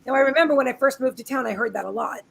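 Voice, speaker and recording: A high-pitched woman chatting on a live video stream from her home. She tells stories in a rambling, friendly way, full of restarts and asides, with the easy tone of a regular co-host. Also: very fast, creaky, a bit bright, rough recording. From United States. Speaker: co-host of a live psychic reading show. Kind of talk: casual live-stream chat. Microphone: webcam on a live video stream.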